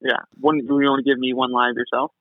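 A man's voice: mid-range voice, level tone, quick pace, no room sound. A man in his thirties chatting casually as podcast co-host, laid-back and self-mocking. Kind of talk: casual chat. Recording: dull lo-fi audio.

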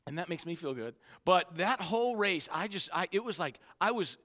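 A man preaching a sermon to his church, with energetic storytelling and self-mocking humor. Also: sits high, normal speed, in a large hall. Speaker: pastor. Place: church auditorium.

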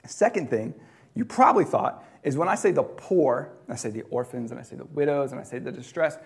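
A man preaching a sermon in a conversational way, swinging between loud emphatic lines and quiet, dropped ones. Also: fairly high pitch, lively intonation, fairly quick. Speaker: pastor.

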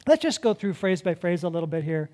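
This pastor's sermon is fast and animated, delivered conversationally in a mid-range voice. He fires rhetorical questions at the congregation and moves between booming and hushed moments.

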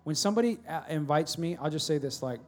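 A pastor giving a sermon in a church, swinging between loud shouted storytelling and quiet, earnest asides. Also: male voice, fairly high pitch, expressive, quick pace, faint music behind.

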